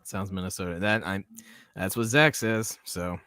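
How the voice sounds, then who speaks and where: A man's voice: deep voice, fairly even intonation, normal speed, sharp tone, dry recording. A man from the American South hosting a casual live podcast stream, rambling, laughing often and reading chat comments aloud. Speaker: podcast host.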